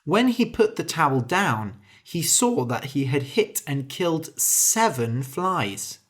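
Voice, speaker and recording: Casting: patient storybook narrator for learners, slow and clear with a lively, varied voice. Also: mid-range voice.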